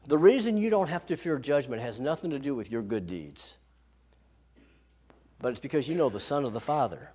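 A man preaching a sermon, lively and slowing down on key phrases. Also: medium pitch, husky. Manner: lively preaching, slows for emphasis. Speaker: pastor.

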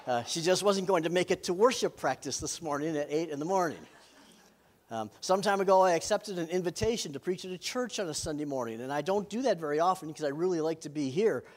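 A man's voice: fairly high pitch, quick pace. A middle-aged man, a pastor, preaching a sermon in an earnest way with self-deprecating humor.

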